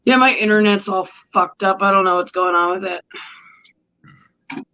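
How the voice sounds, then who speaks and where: A woman's voice: medium pitch, slow, bright, forceful tone, muffled recording. A tired woman, co-hosting a livestream over a phone mic, rambling in casual chat full of "like" and swearing. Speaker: livestream co-host. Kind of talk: casual late-night chat.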